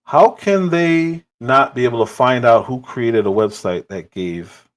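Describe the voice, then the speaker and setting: A man's voice: medium pitch, measured pace. A man hosting a livestream, reacting to news clips with incredulous, sarcastic commentary. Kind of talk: casual commentary.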